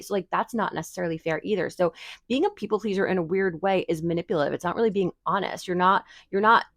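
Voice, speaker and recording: A woman's voice: medium pitch, no room sound, studio quality. A woman podcast host giving advice in a chatty, casual monologue full of fillers and restarts.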